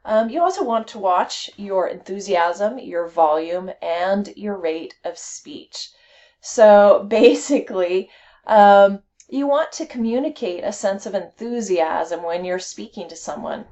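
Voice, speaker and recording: A woman English teacher giving clear, patient, deliberate spoken instructions for a class assignment. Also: mid-range voice, animated, darkish tone, muffled recording.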